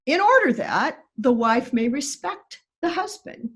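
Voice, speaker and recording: A woman's voice: high voice, very animated, normal speed, hardly any pauses, rough recording. A woman guest on a podcast, explaining Greek grammar precisely and stressing key words.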